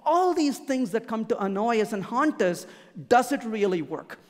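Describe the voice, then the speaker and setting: A conference speaker delivers a keynote in a large lecture hall, and a long reverb hangs after each phrase. The voice sits at a middle pitch but swings widely in melody. Key points are stressed and then repeated for emphasis. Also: animated, moderate pace.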